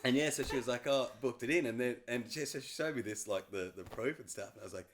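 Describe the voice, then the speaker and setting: A man from New Zealand, a podcast guest, telling a hunting story in casual chat, animated and often laughing. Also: medium pitch, fast, a little hiss or hum.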